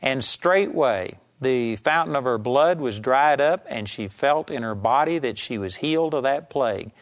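A man teaching a sermon series on healing, talking in a conversational, emphatic way and reading scripture aloud slowly. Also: medium pitch, animated. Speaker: Bible teacher.

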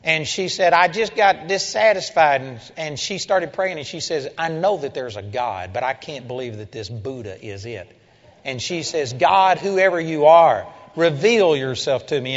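A man preaching a sermon to a congregation and telling a story, building to loud, emphatic peaks. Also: fairly high pitch, animated, moderate pace. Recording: dull, echoey hall recording.

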